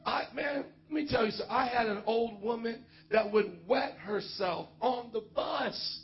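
High-voiced pastor telling lively stories. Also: male voice, normal speed, muffled recording. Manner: animated, joking, often laughs mid-story. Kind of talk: sermon storytelling.

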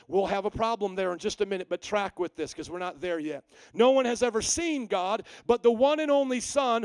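Male pastor, emphatic sermon delivery with rhetorical questions; high, resonant voice. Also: clear, resonant tone, no room sound, low-quality recording. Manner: emphatic, asks rhetorical questions and answers them.

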